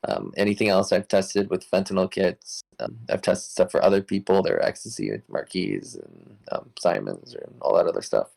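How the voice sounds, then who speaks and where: A man's voice: sits low, moderate pace, creaky, few pauses, a little mellow, low-quality recording. A young man casually telling a wild story as an interview guest, rambling with lots of "like" fillers, swearing and laughing as he goes.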